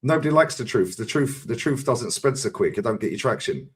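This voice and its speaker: A man's voice: medium pitch, animated, brisk, breathy edge. A man co-hosting a live stream, giving opinionated, sweary banter. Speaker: stream co-host. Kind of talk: casual live-stream chat.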